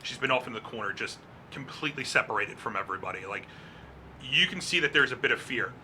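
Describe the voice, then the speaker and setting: A man's voice: mid-range voice, lively intonation, quick pace, sharp tone, slight background noise. A man narrating a tabletop game as game master, describing scenes casually with frequent fillers.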